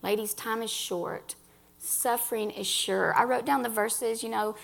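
An earnest woman gives a personal faith testimony to a gathering of women, speaking right to them. Her voice carries a gravelly fry, and she restarts phrases as she talks. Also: mid-range voice, fairly even intonation, a little slow. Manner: earnest, addresses listeners directly, restarts phrases.

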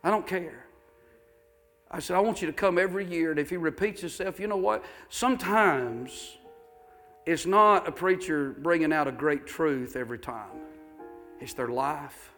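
A man's voice: a little high, normal speed, fairly bright tone, soft background music. A male pastor preaching a sermon, telling folksy stories with fervor and repeating his phrases.

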